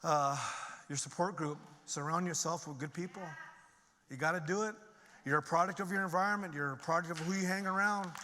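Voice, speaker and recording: A man's voice: a little fast, noisy background. Middle-aged man on a stage, earnest emphatic testimony, ringing reverb of a large hall. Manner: earnest and emphatic, climbing in pitch and volume when stirred. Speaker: conference speaker. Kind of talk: personal recovery testimony to an audience.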